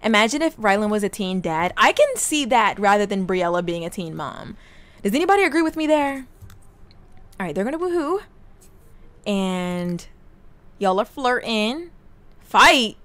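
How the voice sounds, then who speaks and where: Lively chatty young woman playing a game. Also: medium pitch, moderate pace, pauses often. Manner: chatty, excitable, talks to the viewers and her characters. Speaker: gaming YouTuber. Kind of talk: casual let's play commentary.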